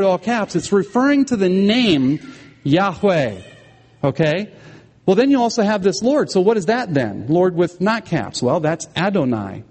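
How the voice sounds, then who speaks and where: A man's voice: sits high, a little mellow, long reverb tail. A man preaching a sermon as pastor, explaining scripture and asking the congregation questions.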